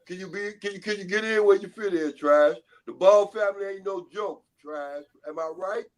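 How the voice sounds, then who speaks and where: A man with a notably high voice, joining remotely over a call. He heckles and teases over and over in casual trash-talking banter, pushing the same jab again and again. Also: moderate pace. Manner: teasing, repetitive heckling. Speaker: call-in guest.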